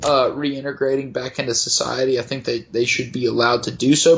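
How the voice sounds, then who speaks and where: A man's voice: medium pitch, fairly even intonation, fairly quick, few pauses, dull audio. A man co-hosting a comedy podcast, speaking in a laid-back, profane way with frequent hesitations. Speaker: podcast co-host. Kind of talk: casual comedy chat.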